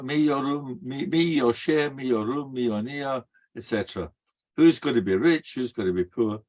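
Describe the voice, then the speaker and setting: A man giving a sermon as a rabbi, telling stories and asking and answering his own rhetorical questions, peppered with Hebrew and Yiddish terms. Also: medium pitch. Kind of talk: sermon to a live audience. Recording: dull lo-fi recording.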